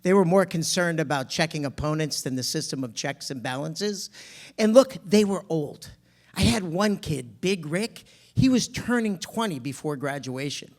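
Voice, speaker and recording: A man telling a personal story to an audience, acting out the dialogue dramatically. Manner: dramatic, acts out dialogue with big pitch swings.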